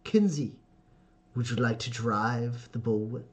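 A man's voice: mid-range voice, a little slow, slightly rough. A man voicing a stern, domineering male clan patriarch who speaks in a commanding, smug way.

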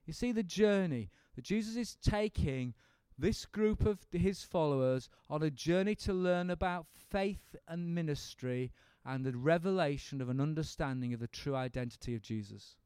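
Animated preacher man teaching Bible story. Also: fairly high pitch, normal speed, few pauses, clear, resonant tone, no echo. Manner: animated, acts out speakers in the story. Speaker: preacher leading a seminar. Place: seminar room with an audience.

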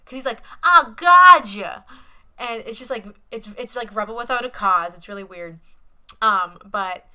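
A woman's voice: mid-range voice, fairly even intonation, moderate pace, sharp tone. A young woman co-hosting a casual movie podcast, rambling with lots of fillers and gushing about what she loved. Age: young adult. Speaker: podcast co-host.

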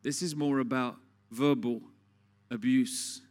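Preacher with rhetorical questions. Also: male voice, mid-range voice, steady tone, takes it slowly, a little mellow. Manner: conversational storytelling with rhetorical questions. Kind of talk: sermon.

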